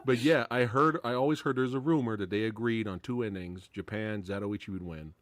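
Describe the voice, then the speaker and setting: A man's voice: fairly low pitch, a little fast, dry recording, studio quality. A man in a casual chat who laughs often and stammers his way into questions.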